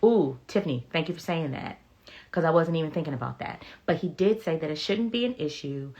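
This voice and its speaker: A woman talks to her viewers on a phone livestream with a low voice. She tells stories candidly and bluntly and swears freely. Now and then she reads out a viewer's comment. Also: brisk. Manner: candid, animated storytelling with blunt profanity. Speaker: beauty vlogger sharing health updates. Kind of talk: casual livestream chat.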